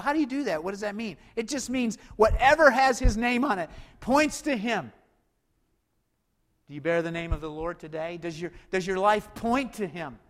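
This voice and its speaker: A man's voice: high voice, a bit bright. A man preaching a sermon, building emphasis and asking the listeners rhetorical questions. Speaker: pastor. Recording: long hall reverb.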